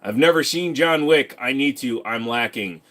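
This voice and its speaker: A man's voice: mid-range voice, normal speed, a bit bright. A young man hosting a casual live stream, reading questions from chat aloud and answering them in a rambling, joking way.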